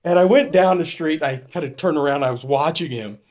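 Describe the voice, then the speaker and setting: A middle-aged man from California, a retired police captain, telling animated stories as a podcast guest and laughing often. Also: on the high side, fairly quick. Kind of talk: casual storytelling.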